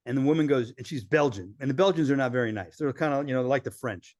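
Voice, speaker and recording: A man telling lively travel stories as a podcast guest, acting out the people he quotes. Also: mid-range voice, fast, no room sound, studio quality. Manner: animated storyteller acting out quoted voices. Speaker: filmmaker guest. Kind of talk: storytelling in a podcast interview.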